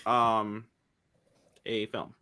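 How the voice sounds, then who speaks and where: A man's voice: lowish voice, completely flat delivery, drawn-out words, sharp tone, smooth. A man hosting a casual podcast, weary and rambling, poking fun at his own show. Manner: weary, rambling, self-mocking. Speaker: podcast host.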